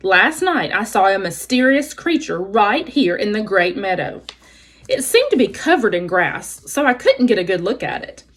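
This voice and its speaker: A woman's voice: medium pitch, sing-song, normal speed. A woman voicing an alarmed male owl in a read-aloud storybook, speaking urgently to a crowd.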